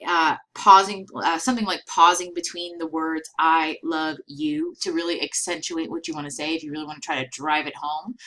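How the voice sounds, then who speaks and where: A woman's voice: low-pitched, bright, forceful tone, low-quality recording. A woman giving a recorded lecture, explaining step by step with many fillers and frequent "right?" checks.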